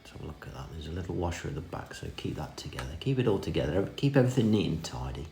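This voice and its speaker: Cheeky man, very deep gravelly voice. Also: sing-song, fast. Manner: cheeky, self-mocking running commentary. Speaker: vintage reel restorer. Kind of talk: casual hands-on repair tutorial. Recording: echoey room with music behind.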